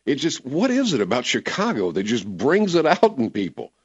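A man hosting a talk radio show, giving emphatic, animated commentary. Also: medium pitch, moderate pace, slightly rough. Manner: animated, emphatic, laughs easily. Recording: dull lo-fi radio broadcast.

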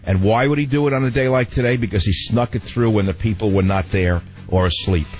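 A man hosting a radio talk show, ranting in an animated, exasperated way into a studio mic. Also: on the low side, a little fast, husky, no echo, faint music behind.

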